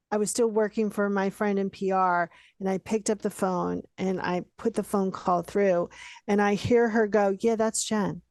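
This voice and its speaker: A woman's voice: medium pitch, dry recording, clean studio sound. A woman guest in a casual interview, talking frankly and bluntly, often tagging on "right?".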